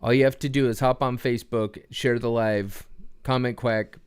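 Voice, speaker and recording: Male livestream host, smooth clear voice, chatty and rambling, asks the chat questions. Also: mid-range voice, steady tone, normal speed. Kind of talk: casual livestream chat with viewers.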